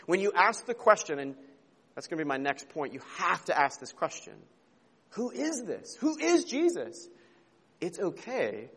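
A man preaching a sermon as pastor, earnest and emphatic, repeating words and asking rhetorical questions. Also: sits high. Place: church sanctuary. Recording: long hall reverb.

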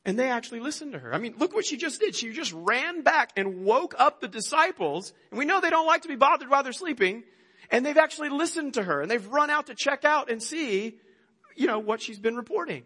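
A man preaching a sermon, retelling a Bible story with animated storytelling and acted-out quotes. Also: a little fast, breathy edge. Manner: animated storytelling, acts out quotes with rising pitch. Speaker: pastor.

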